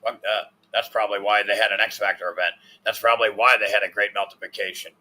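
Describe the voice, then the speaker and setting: A man's voice: on the low side, steady tone, fast, pushed and bright. A man co-hosting a casual chat, crude and mocking, with a lot of swearing.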